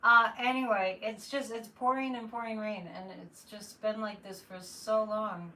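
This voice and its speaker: Woman, live-stream host, casual chat, exasperated asides, forceful tone, mic set back from her. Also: mid-range voice, fairly even intonation, normal speed. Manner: chatty, exasperated asides, reads viewer comments aloud. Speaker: psychic livestream host. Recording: distant mic with faint room noise.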